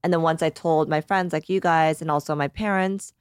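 Woman, thirties, low voice, dry close sound, heartfelt rambling podcast chat. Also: fairly even intonation, a little fast, smooth, no room sound. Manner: emotional, grateful, rambling with many "like"s. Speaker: podcast co-host. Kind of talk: casual chat.

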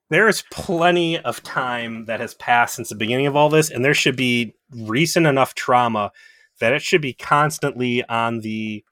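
A man co-hosting a podcast in casual chat, sarcastic and profane as he riffs. His pitch is ordinary for a man. The recording is dry, with no room sound. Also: wildly swooping pitch, measured pace, pushed and bright, no echo. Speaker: podcast co-host.

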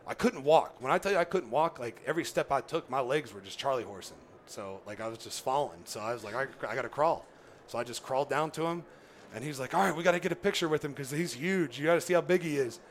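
A man, a former pro football player, telling an animated hunting story, laughing and acting out what others said. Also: mid-range voice, quick pace, a little hiss or hum. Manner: excited, laughing, acts out quoted voices.

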